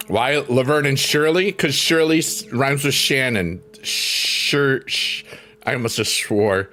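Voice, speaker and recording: A man's voice: mid-range voice, slow pace. A middle-aged man hosting a livestream, chatting casually and reading comments aloud in a goofy, joking way. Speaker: livestream host. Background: soft piano music.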